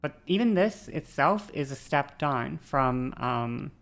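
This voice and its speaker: A woman streamer chatting casually, shifting her voice between a lower and a lighter register, with vocal fry. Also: animated, slow pace. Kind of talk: casual chat while gaming.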